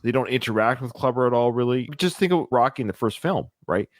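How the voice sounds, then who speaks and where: Podcast host, man, lively delivery, dry close sound, laughs easily. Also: medium pitch, quick pace, no room sound. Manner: lively, laughs often, reads and recaps scenes. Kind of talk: casual chat.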